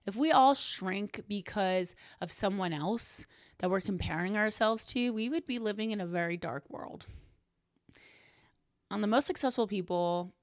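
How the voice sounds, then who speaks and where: A woman's voice: medium pitch, a little slow, no echo, studio quality. Earnest woman hosting a reflective podcast. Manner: earnest, warm, self-reflective, laughs softly. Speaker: podcast host. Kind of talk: reflective solo podcast talk.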